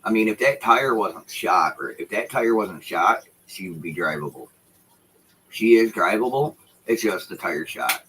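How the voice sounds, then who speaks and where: Low-voiced, rambling man chatting on stream. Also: animated, a little slow, pushed and bright, a little hiss or hum, rough recording. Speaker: livestreamer talking to chat. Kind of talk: casual livestream chat. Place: home room with shelves behind him. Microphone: computer setup with dual screens.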